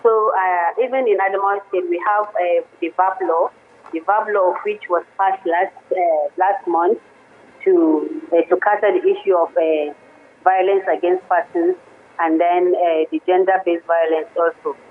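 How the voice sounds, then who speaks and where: A woman, a lawyer guest on a radio show, speaking haltingly with many restarts. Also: lowish voice, steady tone. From Nigeria. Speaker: guest, women's rights lawyer. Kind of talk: radio interview by phone. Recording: phone line into radio studio.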